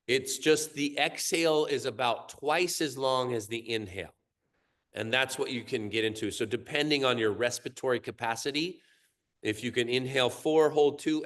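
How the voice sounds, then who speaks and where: A middle-aged man teaching in a workshop, explaining and counting through a slow breathing exercise in a calm, measured way. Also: medium pitch. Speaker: qigong teacher.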